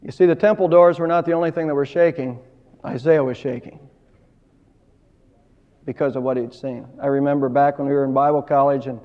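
A man's voice: on the high side, darkish tone. A man preaching a sermon emphatically, his voice swelling and dropping in volume. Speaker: pastor. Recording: dull lo-fi sound with long hall reverb.

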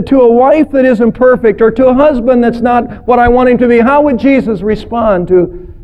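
A man preaching a sermon as pastor, emphatic, firing off strings of rhetorical questions. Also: high voice. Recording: dull lo-fi recording.

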